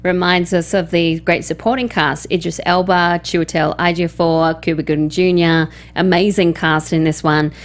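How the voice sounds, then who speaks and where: A woman co-hosting a film podcast in casual chat, reading out viewer comments and trivia and laughing often. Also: lowish voice.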